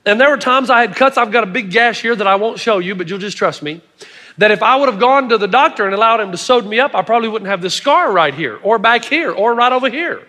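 A middle-aged man delivers a sermon in a strikingly high, bright voice, speaking fast with lively intonation. He tells stories and throws emphatic asides to the congregation. Long reverb from a large hall makes the sound ring.

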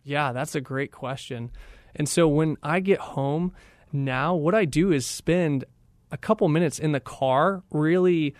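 A man's voice: fairly high pitch, a little slow, dry recording, studio quality. A young man speaking as a radio guest, giving an enthusiastic, motivational talk and acting out the voices of people in his stories. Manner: enthusiastic, animated storyteller who acts out voices. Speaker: guest, training director.

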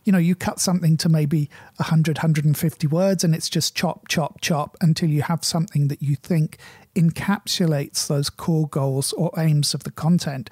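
A man's voice: a little high, fairly even intonation, normal speed, darkish tone, husky, no echo, studio quality. A man hosting a show who explains technology at length in a conversational way, with a wry, self-mocking humor. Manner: long-winded, wry and explanatory. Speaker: podcast host.

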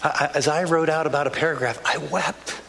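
A man's voice: fairly high pitch, a little fast, creaky, fairly bright tone, slight background noise. Earnest older male pastor preaching in a hall. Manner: earnest, conversational preaching with frequent restarts. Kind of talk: sermon. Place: church sanctuary. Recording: long hall reverb, faint ambience.

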